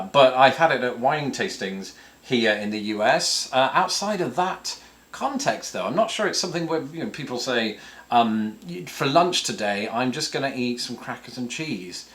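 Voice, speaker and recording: A man answers viewer questions in a loose, conversational way. His voice sits at an ordinary pitch. He wanders off on tangents, corrects himself mid-sentence and pokes fun at himself. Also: a bit bright. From northern England. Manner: rambling, self-deprecating, lots of fillers and restarts. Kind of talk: casual chat. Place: home, with a cat nearby.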